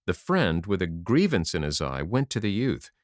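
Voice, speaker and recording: A man narrating a classic novel as an audiobook in a dramatic, expressive reading. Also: sits low, normal speed, no room sound, clean studio sound.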